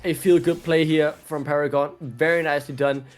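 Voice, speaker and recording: Animated male esports caster, higher voice. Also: fairly quick. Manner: animated, chatty, laughs easily. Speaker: esports commentator. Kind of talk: live esports commentary.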